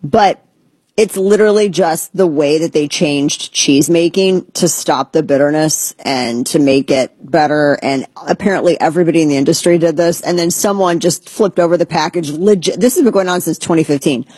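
Husky woman host, sarcastic rant, swoops up into mocking voices, dry close mic. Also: normal speed, darkish tone, no echo. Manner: sarcastic, ranting, mocks others in squeaky voices. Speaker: podcast host. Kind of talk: casual opinionated commentary.

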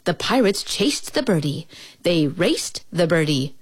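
A woman reading a children's pirate story aloud, playful and expressive, switching voices for the characters. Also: dry recording, clean studio sound. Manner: playful, slow and expressive, shifting pitch for characters. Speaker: storybook reader.

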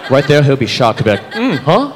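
A man's voice: medium pitch, fast talker, noisy background. A man in his thirties performing a stand-up comedy set, acting out characters in shifting voices. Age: 30s. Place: comedy club stage with live audience. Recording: live hall recording, crowd laughter.

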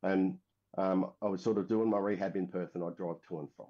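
A middle-aged military veteran from Western Australia tells his story in a low, steady voice, a little fast. He rambles casually, full of fillers and restarts, on a dull lo-fi recording.

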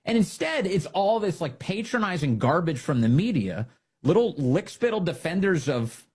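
A man's voice: sits high, sing-song, moderate pace, a little mellow, breathy edge. A man hosting a political commentary show, talking in a sarcastic, mocking and indignant way.

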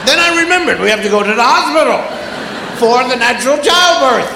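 A man doing stand-up, telling a long story slowly and acting out sounds and voices for a live audience. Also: very high-pitched, animated, gravelly, pushed and bright, slight background noise. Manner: drawn-out, acts out sounds and voices. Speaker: stand-up comedian. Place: theater stage before a live audience. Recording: roomy live hall recording with crowd. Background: audience laughter.

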